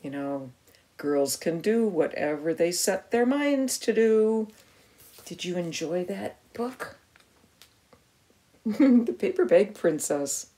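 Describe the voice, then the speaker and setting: A woman reading a picture book aloud to a child, animated, with gasps and questions for the listener. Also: on the low side, slow, pauses often, slightly rough.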